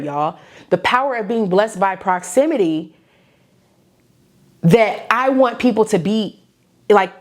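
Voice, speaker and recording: A woman who works as a faith-based coach, teaching a Bible study in an emotional, fervent way, repeating lines for emphasis and calling her listeners y'all. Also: medium pitch. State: tearful at times.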